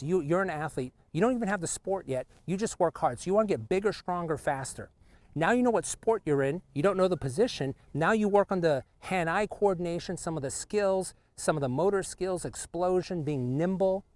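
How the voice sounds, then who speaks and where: A middle-aged man hosting an energetic motivational talk outdoors on a golf course, speaking punchily and directly to the viewer. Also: high-pitched. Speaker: host. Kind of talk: motivational monologue.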